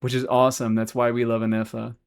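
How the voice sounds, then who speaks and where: A man's voice: medium pitch, little pitch movement, fast, vocal fry, smooth. A man live-streaming a game, chatting casually and answering chat, swearing freely as he talks. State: has hiccups.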